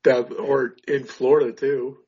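A man co-hosting a podcast, talking sports in a relaxed, measured way with hesitant fillers. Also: medium pitch, husky. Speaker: podcast co-host. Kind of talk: casual sports chat. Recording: dull lo-fi audio.

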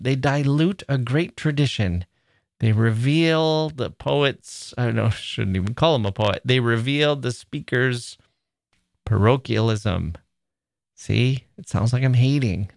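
A man's voice: medium pitch, creaky, no room sound, studio quality. A man hosting a podcast in an opinionated monologue, exasperated and sarcastic by turns, then questioning himself aloud. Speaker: podcast host.

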